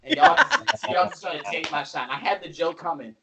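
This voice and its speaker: A man's voice: fairly high pitch, sing-song, fairly quick, vocal fry, over a noisy crowd, low-quality recording. A man co-hosting a podcast, joking and teasing his co-hosts in casual chat. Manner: joking, teasing, playfully indignant. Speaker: podcast co-host.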